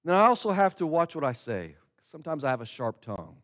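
A man preaching as a pastor, talking casually to the congregation and slowing to stress words when he recites a prayer. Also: a little high, big pitch swings, fairly bright tone. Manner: conversational, with slow emphatic prayer recitation. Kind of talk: sermon. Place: church sanctuary. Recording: long hall reverb.

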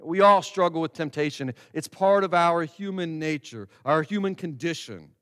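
A male pastor gives a relaxed, chatty sermon and slows down to stress words in prayer. His voice sits a little high and sounds smooth and resonant. A long reverb trails behind it in the church hall. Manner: conversational, with slow emphatic prayer recitation. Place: church sanctuary.

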